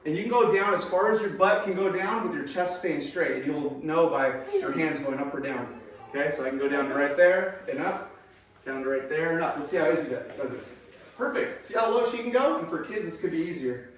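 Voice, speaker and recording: A man leading a home workout as a fitness instructor, encouraging and quick with short praise, recorded indoors at home. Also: a little high, lively intonation. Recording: echoey room, far from the mic.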